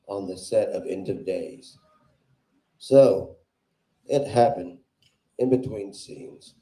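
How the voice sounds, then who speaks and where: A man doing a crude stand-up set on a club stage, loud and laughing at his own jokes. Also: lowish voice. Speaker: stand-up comedian. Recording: roomy club echo.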